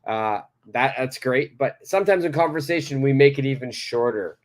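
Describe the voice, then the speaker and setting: A man's voice: medium pitch, lively intonation, moderate pace. A man teaching an English lesson, patiently explaining phrases and repeating examples aloud. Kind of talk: live online grammar lesson.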